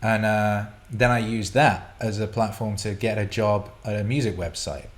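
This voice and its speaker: A man's voice: on the low side, steady tone, normal speed. A man hosting a show, answering listener questions in a casual, rambling way, swearing freely and restarting his sentences often.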